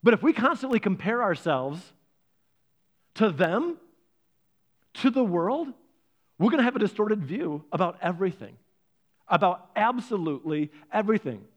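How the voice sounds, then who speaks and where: A man pastor preaching a sermon, telling a story with lively, playful asides to the congregation. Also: high-pitched, normal speed, long pauses.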